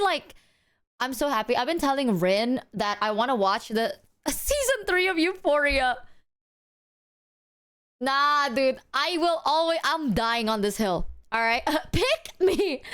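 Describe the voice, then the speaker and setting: A young woman streamer chatting away, rambling and excitable, with plenty of casual swearing. Her voice sits a bit high and comes through smooth and clean. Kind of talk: casual livestream chat.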